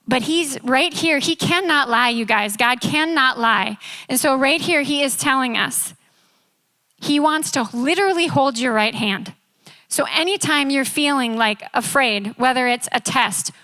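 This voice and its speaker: A woman's voice: high voice, sharp tone. A young woman preaching a casual, chatty youth sermon who keeps checking in with the room. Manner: casual, chatty, often asks the room "right?". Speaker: youth speaker. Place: youth service in a church building.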